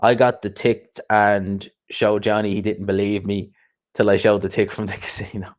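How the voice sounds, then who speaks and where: A man hosting a casual livestream chat, chatty and quick to laugh, often repeating himself and swearing. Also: lowish voice, flat delivery. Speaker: host.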